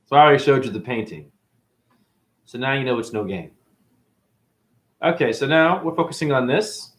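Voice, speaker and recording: A man giving a preachy, boastful spiritual monologue to camera, breaking into sudden loud outbursts. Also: medium pitch, lively intonation, moderate pace. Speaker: self-styled spiritual teacher.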